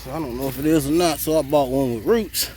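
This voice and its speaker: Holding his phone as he strolls through his garden in the heat, a man thinks aloud in a casual tour. He speaks quickly with a warm, medium-pitched voice, and the poor audio picks up slight background noise.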